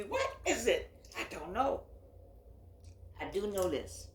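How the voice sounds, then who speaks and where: A woman's voice: medium pitch, sing-song, normal speed, long pauses, reverberant. A woman in her eighties from the United States speaking to camera on her phone, emphatic and preacherly, repeating her phrases. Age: 80s. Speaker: host. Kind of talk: impassioned address to camera.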